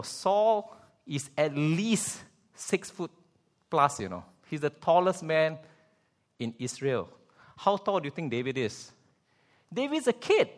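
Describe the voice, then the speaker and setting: Pastor, male; animated sermon with rhetorical questions, fairly high and very expressive. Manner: animated, rhetorical questions, vocal sound effects.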